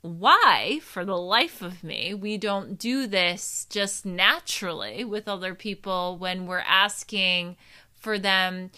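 A woman's voice: mid-range voice, expressive, slow, bright, forceful tone. A woman with a New Jersey accent giving a candid, casual self-help talk to her community, swearing now and then. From New Jersey, USA. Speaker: personal growth host. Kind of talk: casual monologue.

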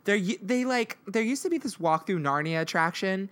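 A woman's voice: mid-range voice, lively intonation, moderate pace. A woman chatting casually with friends, skeptical and sarcastic, acting out quoted lines as she talks. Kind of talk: casual chat among friends.

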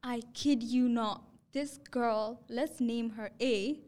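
Young woman, podcast host, higher voice, animated storyteller who acts out quotes. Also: slow. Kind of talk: casual storytelling chat.

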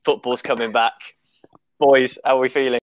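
A man's voice: mid-range voice, little pitch movement, moderate pace. A man hosting a podcast, upbeat and teasing in casual chat. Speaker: podcast host.

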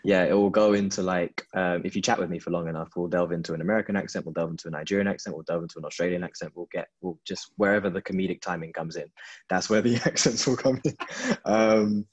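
A man's voice: deep voice, fairly even intonation, fast, slightly rough, dull audio. A young man from London, a guest in a casual interview, talking thoughtfully with lots of fillers over a video call. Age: young adult. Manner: thoughtful, reflective, with frequent fillers.

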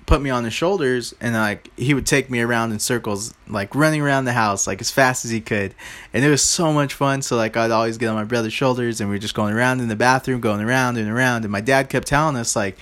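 A man in his own casual podcast, rambling through stories with plenty of fillers and side remarks. His voice sits at an ordinary, middle pitch. He talks straight to his listeners in an easygoing, unpolished way. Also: fairly bright tone. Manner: rambling, loose and informal, with many fillers and asides to listeners. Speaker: podcast host.

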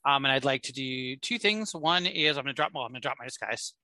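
A man playing a tabletop game over a call, describing his moves with laughter. His voice is very bright and sharp, swinging widely in pitch, and the sound is dry. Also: lively intonation, quick pace, no room sound. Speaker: player.

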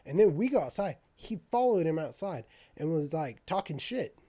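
A young man whose voice sits on the high side chats casually at a moderate pace, spinning a rambling story laced with profanity. He brings it to life by performing everyone else's lines.

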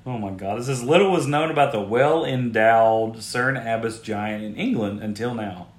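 A man's voice: mid-range voice, normal speed. A man hosting a podcast and riffing crudely on odd news stories, incredulous and swearing freely. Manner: crude, incredulous, animated outbursts. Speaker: podcast host. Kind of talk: profane comedic news riffing. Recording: roomy echo.

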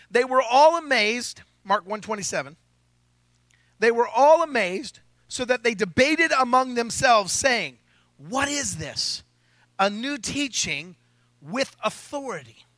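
A man's voice: very high voice, sharp tone, no room sound, studio quality. A pastor preaching a sermon to his congregation, joking and talking casually, often asking the crowd "right?". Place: church hall with a congregation.

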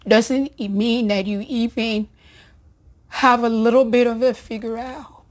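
Slow-speaking emotional nurse woman. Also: fairly high pitch, fairly even intonation. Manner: emotional, warm-hearted, rambling with restarts and soft laughs. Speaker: nurse and show host. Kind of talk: personal storytelling to an audience.

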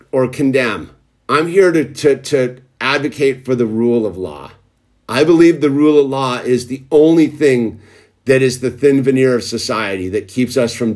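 A man in a casual monologue rant, lecturing emphatically and calling the listener "dude" over and over. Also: medium pitch. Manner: preachy, repeatedly saying "dude".

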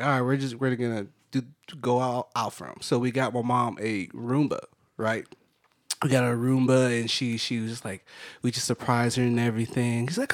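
A man co-hosting a podcast, rambling through a family story with excited restarts. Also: mid-range voice. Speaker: podcast co-host. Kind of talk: casual storytelling chat.

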